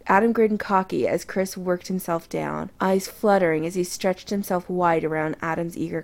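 A woman reading romance fiction aloud in a soft, intimate narration. Her voice has a gravelly, creaky texture. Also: lowish voice, normal speed, few pauses.

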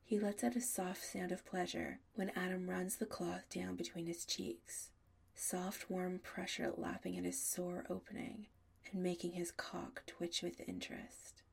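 A woman narrating an audiobook in a soft, often half-whispered delivery. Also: lowish voice, flat delivery, unhurried, vocal fry, slightly rough.

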